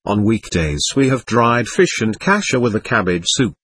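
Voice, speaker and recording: A timid young monk asks earnest, deferential questions, as a man reads him. His voice is husky and dry, and he plods carefully through a long list of rules. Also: fairly low pitch, sing-song, normal speed, fairly bright tone, dry recording, heavily acted. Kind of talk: audiobook character reading.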